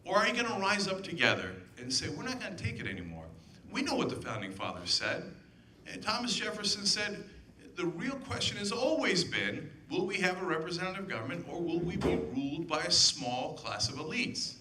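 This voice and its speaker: Guy giving a heated speech, bright sharp voice, goes up and down a lot, sarcastic questions. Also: high voice, very animated, normal speed, slight background noise. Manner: emphatic, sarcastic rhetorical questions. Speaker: political commentator giving a speech. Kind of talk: impassioned public speech. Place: event hall with audience.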